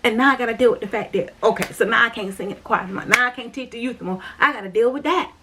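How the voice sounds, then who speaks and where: A middle-aged woman speaks to camera in a personal testimony, slightly high and husky. She is earnest and talks straight to her viewers, coming back to her main points again and again. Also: racing, pushed and bright. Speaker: vlogger sharing her faith journey.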